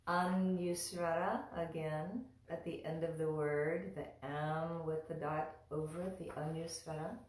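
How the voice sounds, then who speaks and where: A woman teaching mantra pronunciation in a calm, patient manner, demonstrating each sound and chanting slowly. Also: low-pitched. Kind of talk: slow guided pronunciation lesson. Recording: roomy echo, from a distance.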